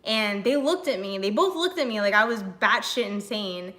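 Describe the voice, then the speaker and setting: A young woman streamer chatting casually with her viewers, animated and full of fillers, reading and answering chat messages. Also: mid-range voice, moderate pace. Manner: chatty and animated, many fillers, laughs often.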